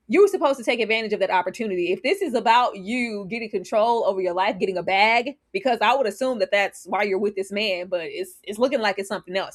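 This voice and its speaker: A woman hosting a live show, chatting casually in an animated, slangy, emphatic way and laughing often. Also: medium pitch. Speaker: host of a live show reviewing a TV series. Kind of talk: casual live-stream chat.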